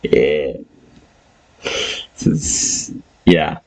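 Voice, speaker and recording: Rambling through a recap of a tabletop game with his friends, a podcast host and game master fills his talk with fillers and frequent laughter. His very deep, gravelly voice moves extremely slowly with big pitch swings, captured in a low-quality recording.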